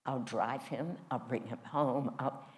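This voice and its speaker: A woman's voice: rumbling low, steady tone, takes it slowly, darkish tone. A woman teaching a spiritual class, telling a personal story in a candid, self-mocking way.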